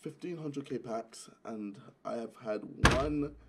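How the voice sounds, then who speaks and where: A young man doing gaming commentary on a headset mic, swearing and raging in loud outbursts. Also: medium pitch, slow pace, heavy background noise. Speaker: gaming YouTuber. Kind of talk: gaming commentary while opening packs. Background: music.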